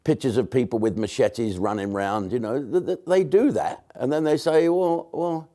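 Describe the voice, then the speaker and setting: British comedian ranting to camera, mellow warm tone, rambly and blunt. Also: male voice, medium pitch, normal speed. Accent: British English. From Britain. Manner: rambling, blunt, with sarcastic asides and swearing. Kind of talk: casual monologue to camera.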